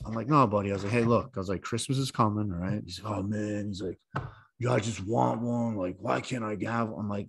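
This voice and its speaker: A low-voiced man in his thirties co-hosts a casual podcast chat. He tells stories with plenty of swearing and lively, animated delivery. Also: fast talker, creaky, husky, dry recording. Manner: profane, animated storytelling. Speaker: podcast co-host.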